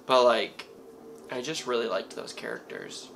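Man, casual reaction host, excitable, talks back to the screen, bright tense voice. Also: mid-range voice, measured pace, gravelly, a little hiss or hum, low-quality recording.

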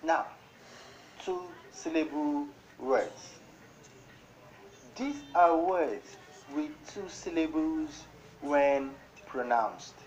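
A woman teacher with a Nigerian accent giving a broadcast classroom lesson, slowly dictating example words one at a time. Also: sits low, animated, a little mellow. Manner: slow, deliberate word-by-word dictation. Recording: dull lo-fi broadcast audio with faint noise.

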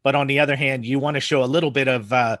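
A man in his forties from the United States with an American accent softened by New Zealand, chatting casually as a podcast guest and laughing often. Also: medium pitch, fairly even intonation, fast talker, no echo, studio quality. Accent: American with New Zealand influence. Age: 40s. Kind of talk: casual chat.

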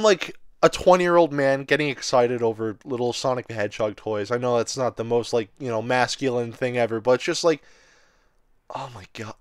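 Excitable young man unboxing toys. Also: mid-range voice, clear, resonant tone, no room sound, studio quality. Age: 20s. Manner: rambling, excitable, lots of filler words. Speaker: toy reviewer. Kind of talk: casual unboxing vlog.

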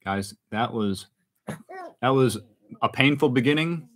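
A man's voice: medium pitch, a little slow, low-quality recording. A man hosting a casual live stream from home, chatty and self-mocking, laughing often. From United States. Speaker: channel host.

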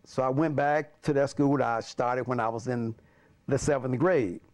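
An older man from Alabama, a pastor telling stories from his childhood in an animated way, often chuckling. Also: mid-range voice, moderate pace. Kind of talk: personal storytelling.

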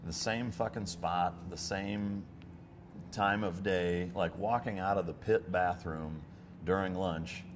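A man with a somewhat low voice tells rough training stories in loose, profanity-laced chat, jumping into loud impressions of the people in them. Noise hangs clearly behind him in the recording. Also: slow pace. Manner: profane, animated, bursts into loud acted-out quotes. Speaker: former Navy SEAL instructor, podcast guest. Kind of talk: casual storytelling chat.

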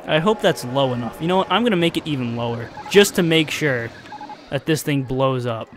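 A man's voice: mid-range voice, lively intonation, fairly quick, a little hiss or hum. A man streaming a park-building game, giving casual play-by-play that swings from chatty narration to exasperated outbursts. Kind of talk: casual gameplay commentary.

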